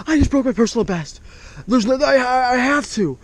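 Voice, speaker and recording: A man with a very high voice speaks at a moderate pace, giving enthusiastic, exclamation-filled running commentary as a fishing vlogger. It was recorded outdoors on the water with an action camera.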